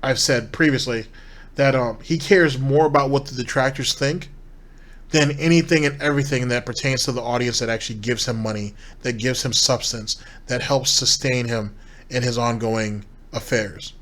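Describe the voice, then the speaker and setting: A man's voice: medium pitch, moderate pace, fairly bright tone. A man hosting a commentary show, reacting critically and sarcastically to a streamer's clips with rhetorical questions. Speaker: commentary channel host.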